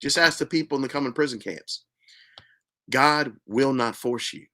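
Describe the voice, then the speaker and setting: A man hosting his own show, preaching in a slow, repetitive, emphatic cadence. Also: medium pitch, pushed and bright. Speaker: host. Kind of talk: preaching monologue.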